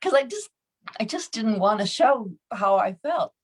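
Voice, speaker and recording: With a husky, fairly high voice and an unhurried pace, an actress in her seventies tells an interviewer about her early career. Her anecdotes are lively, dotted with chuckles and acted-out voices.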